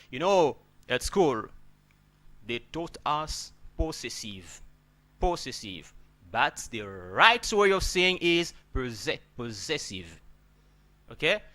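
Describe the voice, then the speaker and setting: A man's voice: on the high side, big pitch swings, takes it slowly, pushed and bright. A man whose first language is not English, teaching English pronunciation and word stress, often repeating words and asking "okay?". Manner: addresses listeners as brother. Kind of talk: spoken pronunciation lesson.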